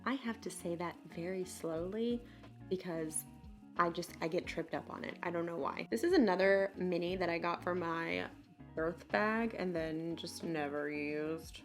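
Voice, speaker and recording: A woman's voice: lowish voice, measured pace, faint music behind. Chatty woman in her late twenties. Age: late 20s. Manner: chatty, bubbly, self-deprecating asides. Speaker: beauty vlogger. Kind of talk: casual makeup tutorial chat.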